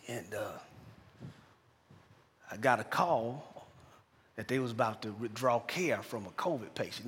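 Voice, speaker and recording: A man preaching a sermon, telling a quiet story from his hospital chaplain work and building to loud, fervent preaching. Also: medium pitch, a little hiss or hum. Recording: long reverb of a large hall.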